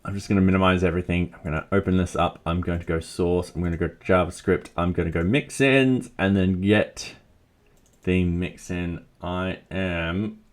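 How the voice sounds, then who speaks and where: Here an Australian man with a deep, steady voice speaks at normal speed. He codes on a live stream, reading chat aloud and thinking through things in a relaxed, self-mocking way.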